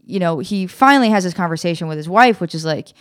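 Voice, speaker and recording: A woman's voice: lowish voice, lively intonation. A woman co-hosting a casual self-help podcast, talking earnestly and encouragingly to listeners. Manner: earnest, encouraging, retells scenes in quick voices. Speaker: podcast co-host.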